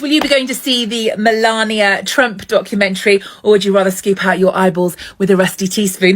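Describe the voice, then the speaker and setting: A woman's voice: mid-range voice, steady tone, fairly quick, few pauses. A woman from the UK giving sarcastic vlog commentary and asking her viewers for their takes. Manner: sarcastic and wry. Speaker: vlogger.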